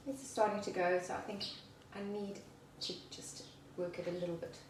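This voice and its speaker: A woman's voice: lowish voice, flat delivery, a little fast, recorded from a distance, slight background noise. A woman from Africa, speaking, hosts a home cooking video. She talks in a chatty, rambling way and laughs easily. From South Africa. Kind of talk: casual cooking demonstration and chat. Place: home kitchen. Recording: echoey room, voice away from the mic.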